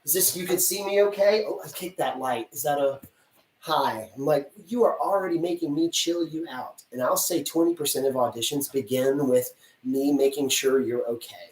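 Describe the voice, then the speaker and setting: A man who works as a casting director is answering audience questions in a chatty, energetic way, acting out little scenes as he talks. His voice sits at an ordinary pitch, and it sounds roomy and distant, as if the mic is some way off. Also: normal speed. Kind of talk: live-stream Q&A answers.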